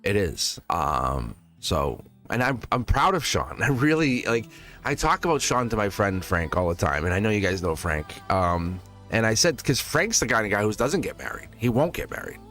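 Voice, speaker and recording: A man's voice: on the low side, very animated, normal speed, a bit bright, faint music behind. A man hosting a live tarot stream in casual, rambling chat, chuckling between sentences. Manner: slips into playful put-on voices when quoting people.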